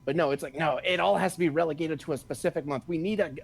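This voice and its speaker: A man's voice: a little high, fast, creaky. A man co-hosting a podcast in casual chat, ranting with a lot of swearing and frequent laughs. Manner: profane, ranting, laughs often. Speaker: podcast co-host.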